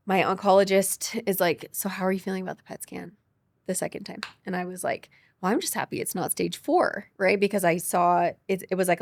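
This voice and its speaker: A young woman appears as a podcast guest and tells her cancer story with emotion, quickly and tearfully, quoting people as she goes. Her voice is fairly low and creaky, captured at studio quality with no echo.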